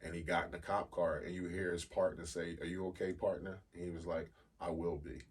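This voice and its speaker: A man's voice: deep voice, flat delivery, brisk, husky, far from the mic. A man co-hosting a podcast in casual chat, telling stories and swearing freely. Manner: storytelling, swears casually, laughs loudly when amused. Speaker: podcast co-host.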